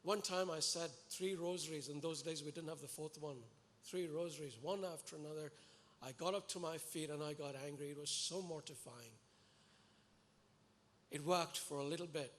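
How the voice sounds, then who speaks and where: Guy preaching in a big hall, earnest and pleading, voice a bit high, lots of echo. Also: moderate pace, slight background noise. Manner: earnest and animated, pleading and exhorting the congregation. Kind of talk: sermon. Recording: echoey hall with long reverb.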